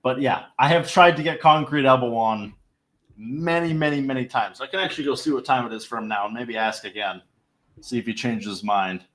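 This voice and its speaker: A man's voice: medium pitch, brisk, a bit bright. A young man hosting a livestream in rambling, chatty talk, laughing easily. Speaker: livestream host. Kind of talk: casual livestream chat.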